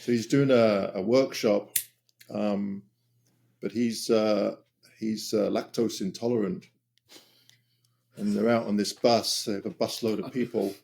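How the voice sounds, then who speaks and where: A man's voice: on the low side, steady tone, a little slow, creaky, long pauses, a little mellow. A man appearing as a podcast guest, telling a story hesitantly and laughing at it. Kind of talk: casual chat.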